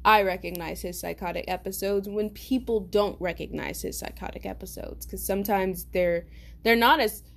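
A woman vlogger telling a story in casual storytime style, animated, blunt and slangy, laughing as she goes. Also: medium pitch, normal speed, vocal fry.

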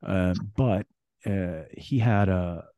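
A man's voice: deep voice, slow, dry recording, highs cut off. A man telling a long story from his security work in a casual, frank way, rambling with fillers and restarts.

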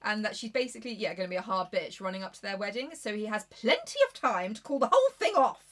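A woman's voice: medium pitch, big pitch swings, fast, fairly bright tone. A young woman co-hosting a casual book chat, giggling and swearing as she retells the plot. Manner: giggly, swears often, acts out characters. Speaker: podcast co-host.

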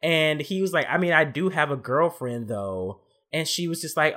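Retelling an anime's story for a podcast, this co-host speaks at normal speed in a voice on the high side. He's an animated storyteller who throws in lots of profane slang and performs the characters' dialogue himself.

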